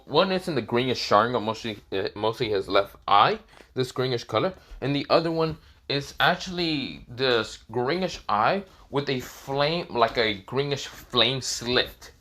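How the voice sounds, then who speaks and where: A man's voice: mid-range voice, lively intonation, normal speed, pushed and bright. A man improvising a fan-fiction story, rambling and restarting often with fillers. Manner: rambling, restarts with "this is where, well".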